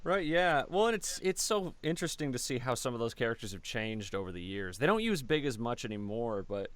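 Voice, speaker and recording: A man hosting a casual interview, chatty and quick to laugh. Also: medium pitch, big pitch swings, fairly bright tone. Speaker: interview host.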